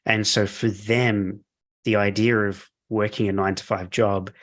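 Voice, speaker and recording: A man's voice: fairly low pitch, little pitch movement, measured pace, a bit bright. A middle-aged man hosting a podcast, enthusiastic and encouraging in casual chat. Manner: enthusiastic, encouraging, laughs easily. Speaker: podcast host.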